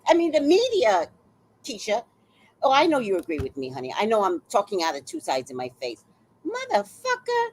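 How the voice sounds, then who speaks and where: A woman's voice: high-pitched, unhurried, long pauses. A woman hosting a livestream, talking to her viewers in an exclaiming, swearing way. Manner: animated, exclaiming, swears freely. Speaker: livestream host. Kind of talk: casual livestream chat.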